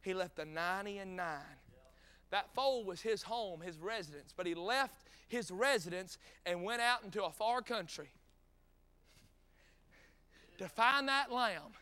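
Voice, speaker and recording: A middle-aged man preaching a revival sermon in a North Carolina drawl. His voice sits very high and sounds clear and smooth, with a bright, forceful edge. He tells stories folksy-style, cracks jokes and climbs to shouted peaks. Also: normal speed. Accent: North Carolina Southern. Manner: folksy, joking asides, rising to shouted peaks.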